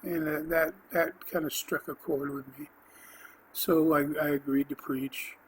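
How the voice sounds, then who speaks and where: An earnest man recounts his faith story in a loose, rambling way. He restarts his sentences and clears his throat now and then. His voice sits a touch high, with a faint hum of room ambience behind it. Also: little pitch movement, measured pace, poor audio. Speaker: podcast host. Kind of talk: personal faith testimony, casual storytelling.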